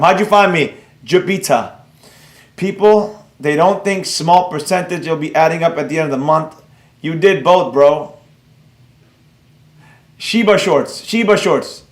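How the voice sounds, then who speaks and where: Teaching a live trading class in an echoey room, a man with a fairly high voice is blunt and excitable. He wanders off on tangents as he reads viewers' comments and scolds them.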